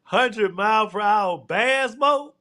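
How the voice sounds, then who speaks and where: A man's voice: sits high, bright, forceful tone. A man hosting a live show, chatting loosely and tossing in "man" and "look here" all the time. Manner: casual, drawn-out, repeats "man" and "look here". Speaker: host.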